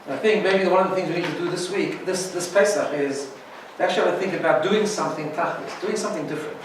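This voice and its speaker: A man's voice: sits high, fast, distant mic, noisy background. Chatty rabbi man in an echoey room. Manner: chatty, keeps asking "right?". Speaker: rabbi teaching a class. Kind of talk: informal Torah lesson.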